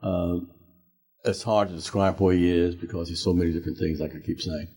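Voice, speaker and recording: A man hosting a TV talk show, asking halting questions with many fillers and backing the guest with steady "mm-hmm"s. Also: low voice, slightly rough. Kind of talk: TV interview.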